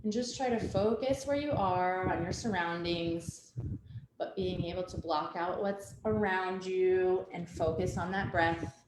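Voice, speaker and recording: A woman teaching a family yoga class from home over a video call, giving gentle, calm instructions with soft laughs. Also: fairly low pitch, unhurried. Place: at home, with a dog nearby. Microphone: webcam on a video call. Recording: roomy home room with faint background noise.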